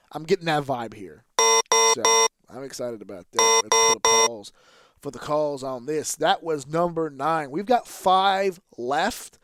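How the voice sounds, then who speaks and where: A man's voice: on the high side, a bit bright, no room sound, clean studio sound. Candid, casually profane podcast host man. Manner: candid and casually profane, with filler words and restarts. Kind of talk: casual solo podcast commentary.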